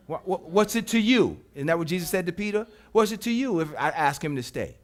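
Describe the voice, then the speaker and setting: A man preaching a sermon as pastor, swinging from hushed, soft lines to loud, emphatic repetition. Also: high-pitched, animated, a little fast, hardly any pauses. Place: church.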